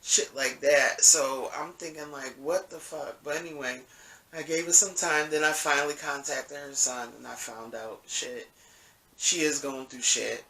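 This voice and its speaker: A man's voice: medium pitch, steady tone, a little slow, bright, forceful tone. A man telling a story in a casual monologue, rambling and profane, often asking "you know what I'm saying". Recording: echoey room, mic at a distance.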